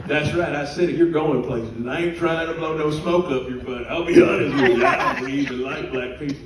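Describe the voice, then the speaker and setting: A man with a slightly high voice performs animated stand-up comedy. He is heard from far off in a very echoey room, with a lively audience clearly audible behind him. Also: a little fast, hardly any pauses, noisy background. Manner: animated storytelling with laughter. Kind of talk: stand-up routine. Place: cruise ship theater, live audience.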